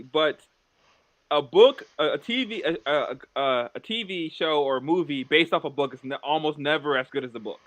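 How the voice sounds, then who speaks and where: A man's voice: fairly high pitch, normal speed, a bit bright, no room sound. A young man co-hosting a podcast, chatting casually, joking and arguing his point in banter. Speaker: podcast co-host. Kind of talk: casual chat.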